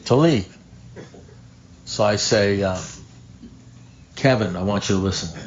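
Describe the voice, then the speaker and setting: A man's voice: lowish voice, steady tone, normal speed. A man speaking at a recovery meeting, telling a story in a loose, conversational way, with wry asides and restarts, acting out other people's lines. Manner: acts out quoted dialogue. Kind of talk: storytelling talk to a live group. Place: meeting room at a recovery group. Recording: dull lo-fi room recording, faint noise.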